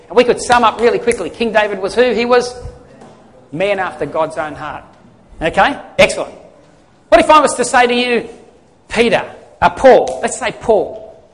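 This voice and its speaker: High-voiced male preacher in a reverberant hall. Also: animated, moderate pace. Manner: conversational preaching, quiz-style questions to the congregation. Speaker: pastor. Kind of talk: sermon.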